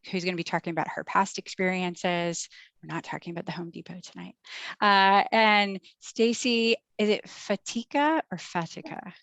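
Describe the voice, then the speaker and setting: A woman's voice: medium pitch, a bit bright, clean tone, no room sound. A woman hosting an online panel discussion over a video call, speaking in a chatty, upbeat way with frequent fillers. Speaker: host and moderator.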